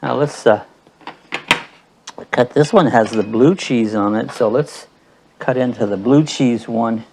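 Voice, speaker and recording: A man's voice: mid-range voice, a little slow, creaky, long pauses, darkish tone, slight background noise. Chatty male cooking host, everyday mid-range voice, easygoing demo delivery. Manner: chatty, addresses viewers as guys.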